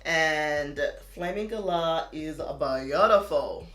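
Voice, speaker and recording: A woman's voice: deep voice, slow pace, a bit bright, roomy sound. An Australian woman reviewing makeup in a casual, chatty vlog, full of "like" and self-amused laughs. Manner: chatty, lots of "like", laughs at herself. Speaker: beauty vlogger. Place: home room.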